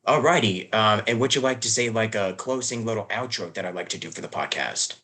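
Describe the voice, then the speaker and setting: A man's voice: on the low side, a little fast, bright, forceful tone. A man hosting a podcast, talking in a loose, upbeat way with many fillers. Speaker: podcast host, voice actor. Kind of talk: casual podcast chat.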